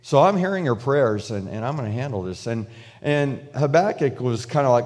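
A man's voice: medium pitch, expressive, normal speed, darkish tone, long reverb tail. A man preaching a sermon in a loose, conversational way, with frequent restarts and fillers, acting out prayers in paraphrase. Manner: acts out prayers and God's replies in paraphrase. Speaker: pastor.

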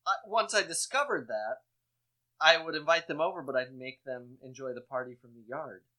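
Animated, bright-voiced man. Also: medium pitch, normal speed. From Midwestern United States. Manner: animated, jokey storytelling with swooping emphasis. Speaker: podcast co-host. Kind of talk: casual chat.

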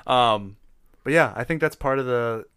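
A man's voice: mid-range voice, moderate pace, fairly bright tone, clean tone, no echo. Rambling man with a dry sound. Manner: rambling, filler-heavy, frequent restarts. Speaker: tabletop role-play player. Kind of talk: casual chat about a role-play session.

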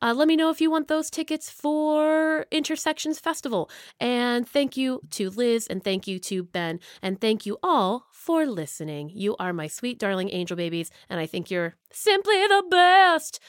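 A woman's voice: on the high side, expressive, moderate pace. A woman hosting a podcast, chatting in a bubbly, playful way. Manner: bubbly, playful, sing-song. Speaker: podcast host. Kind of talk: casual podcast chat.

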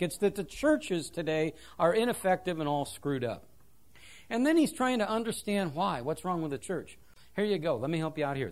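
A man preaching a sermon in church, telling stories with a self-deprecating, animated manner. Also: high voice. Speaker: pastor.

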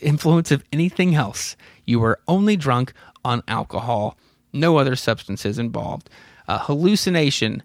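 A man's voice: mid-range voice, no echo. Dry-sounding man rambling through a recap. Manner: rambling, profane, chuckling asides. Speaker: podcast host. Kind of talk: casual comic book recap.

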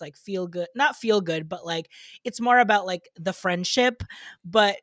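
A woman with a bright, forward voice hosts a podcast, talking bubbly and loose, laughing easily and filling her talk with likes. The recording is dry and close. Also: on the low side, normal speed, no room sound. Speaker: podcast host. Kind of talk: casual pop-culture chat.

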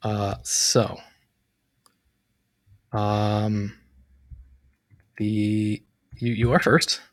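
A man narrating as game master of a tabletop game, relaxed and full of fillers. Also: fairly low pitch, extremely slow, no echo, studio quality. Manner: relaxed, hesitant, lots of fillers.

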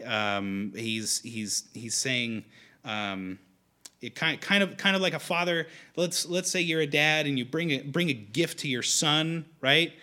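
A man's voice: on the high side, fairly even intonation, measured pace, pushed and bright. A man preaching a sermon in a conversational way, often restarting his sentences. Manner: conversational, with frequent restarts and fillers.

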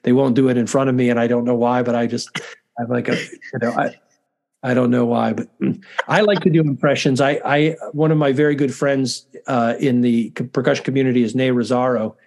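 Middle-aged guy chatting on a podcast, mid-pitched, stumbles and restarts a lot, jokes at himself. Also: steady tone, fairly quick, creaky, darkish tone. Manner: chatty, self-deprecating, frequent restarts. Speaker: university dean, interview guest. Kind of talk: casual interview conversation.

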